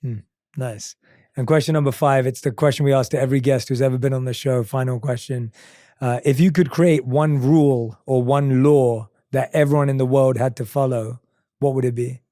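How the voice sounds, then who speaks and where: Calm man hosting an interview. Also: mid-range voice, moderate pace, dry recording, clean studio sound. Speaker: podcast host. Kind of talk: interview questions and thanks.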